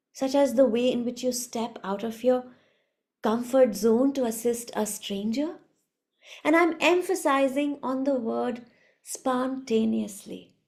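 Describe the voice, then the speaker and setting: A woman giving a reflective spiritual talk as a teacher, soft-spoken and unhurried. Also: sits high.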